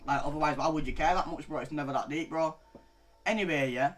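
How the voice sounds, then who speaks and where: A young man in his late teens tells a story-time rant in a rambling, profane flow. His voice sits a little high, and he drops "bro" after nearly every phrase. He lurches between low mutters and loud, animated outbursts. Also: fast, faint music behind. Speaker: vlogger.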